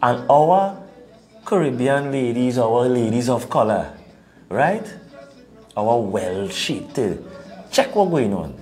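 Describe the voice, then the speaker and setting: A man's voice: mid-range voice, slow, pauses often, faint music behind. A man with a Trinidadian accent, co-hosting an opinionated talk show and lecturing his listeners. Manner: animated, preachy, laughs at his own points.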